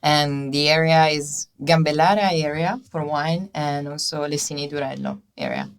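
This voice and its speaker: A woman's voice: deep voice, expressive, moderate pace, clean tone. A woman in her twenties with an Italian accent, a guest answering questions in English with many fillers and shy laughs. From Italy, Veneto. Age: 20s. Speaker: guest winemaker. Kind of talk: casual interview chat.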